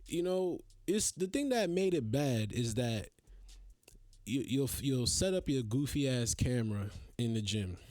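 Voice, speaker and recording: A man's voice: mid-range voice, lively intonation, unhurried, dark tone, no room sound, studio quality. A man hosting a podcast, ranting in a casual, profane, exasperated way. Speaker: podcast host. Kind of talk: casual solo rant.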